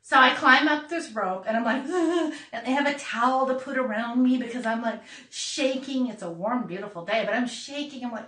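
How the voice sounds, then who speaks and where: A middle-aged woman hosting a podcast, telling a personal story in a casual, animated way, laughing and acting out voices as she goes. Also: high voice, normal speed. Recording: echoey room, a bit far from mic.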